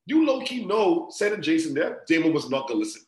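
An excitable man trading slangy banter on a casual podcast. His voice sits fairly high, and a roomy echo hangs around it. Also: fast. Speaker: podcast co-host. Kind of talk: casual chat.

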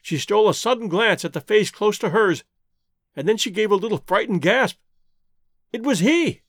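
A man narrating an adventure novel as an audiobook, with dramatic, expressive storytelling. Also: high voice, a little fast, dry recording, clean studio sound.

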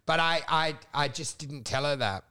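A man, a comedian telling sweary, animated stories in casual chat on a podcast. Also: a little high, moderate pace, clear, resonant tone. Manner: animated storytelling, sweary, laughing.

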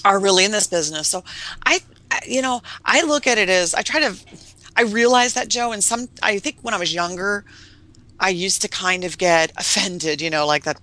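A middle-aged woman talking as a real estate investor guest, telling stories and acting out quoted voices. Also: normal speed. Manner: animated storyteller, acts out quoted voices in a high sweet tone. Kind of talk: casual interview chat.

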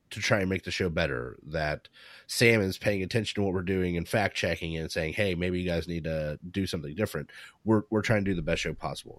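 Low-voiced joking podcast co-host man. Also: no room sound, studio quality. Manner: joking, self-mocking. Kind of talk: casual podcast chat.

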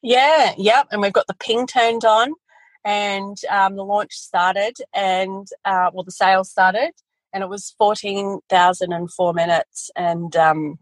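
Woman, guest storyteller, animated, laughs a lot, dry close sound. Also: medium pitch, slow, no echo, low-quality recording. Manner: animated storytelling, quotes family in voices, laughs often. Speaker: guest, photography educator. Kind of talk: casual interview chat.

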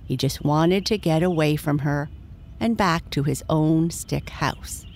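A woman reading a bedtime story aloud, gentle and measured. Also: sits low.

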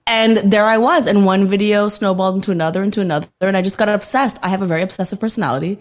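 A woman, a podcast guest telling animated, self-mocking stories with voiced quotes. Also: mid-range voice, rapid-fire. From Toronto, Canada. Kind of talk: casual interview chat.

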